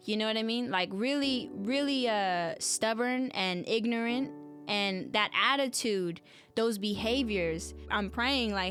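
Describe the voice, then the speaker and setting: A woman with a slightly high, somewhat bright voice speaks at a measured pace over soft background music. She hosts a reflective solo podcast, talking earnestly and conversationally and often turning to address her listeners directly.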